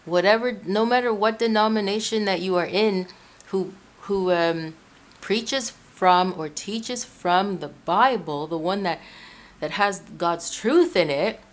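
A woman's voice: mid-range voice, slow pace. A woman from Ecuador talking casually to her camera about faith at home, rambling along with many restarts and self-corrections. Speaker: Christian video blogger. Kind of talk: casual religious vlog talk. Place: room at home by a window. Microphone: camera in front of her.

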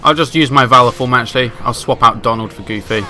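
A man's voice: mid-range voice, fast, bright, forceful tone, soft background music. A man from England, chatting and joking while playing a video game. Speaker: let's play commentator. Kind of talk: casual gameplay commentary.

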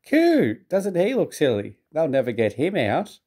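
Cheeky little boys from a storybook, jeering in a high, bouncing sing-song, put on by a man reading aloud. The voice jumps up well above a grown man's usual pitch. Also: wildly swooping pitch, a little slow, mellow, breathy edge, exaggerated voice. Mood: teasing.

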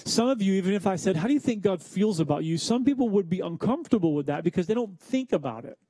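A young man preaching a church sermon, talking conversationally with joking asides and slowing down for emphasis. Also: high voice, animated, mellow, no echo. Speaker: pastor.

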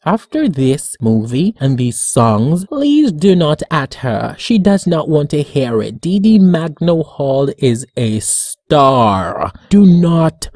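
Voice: slow, few pauses, no echo, clean studio sound. Gushing, dramatic cartoon review host. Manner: gushing, dramatic, sassy, calls people honey; swoops high in pitch when excited. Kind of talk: excited casual review vlog.

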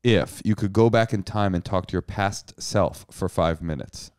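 A man's voice: sits low, moderate pace, a little mellow, smooth, dry recording, clean studio sound. A man hosting a podcast in a wry, teasing way. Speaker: host. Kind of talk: casual podcast chat.

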